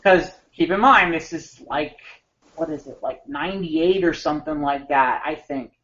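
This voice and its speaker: A man co-hosting a podcast, telling an animated, rambling anecdote with frequent restarts. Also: fairly high pitch, normal speed, slight background noise. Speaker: podcast co-host. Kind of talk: casual storytelling chat. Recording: slightly muffled podcast audio.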